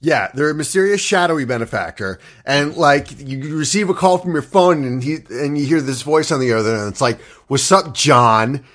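A man hosting a loose comedy podcast, with a pitch that sits a little high and swings widely as he talks. He rambles through his setup and jumps into quick acted-out voices for the people in it. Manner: rambling, animated storytelling, acts out quoted voices. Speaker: podcast host posing the scenario. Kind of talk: casual comedic podcast chat.

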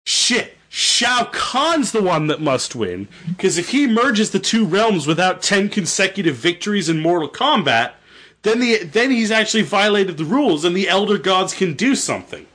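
A man's voice: high-pitched, sing-song, normal speed, fairly bright tone, heavily acted. A man voicing a flustered male thunder god who realizes his mistake. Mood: alarmed.

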